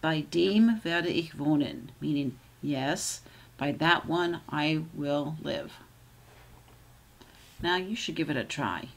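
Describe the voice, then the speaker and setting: Low husky lady teacher going through german grammar step by step, keeps asking okay?. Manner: patient, checks in with "okay?"; slows down to model German sentences. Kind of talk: explaining grammar with examples.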